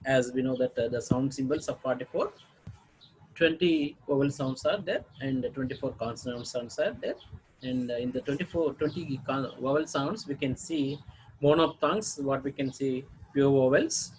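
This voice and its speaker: A man with an Indian English accent giving a video lesson on pronunciation, halting often to clear his throat. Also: mid-range voice, darkish tone, slight background noise, low-quality recording. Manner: halting, frequent throat clearing and filler sounds. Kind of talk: lecture-style video lesson.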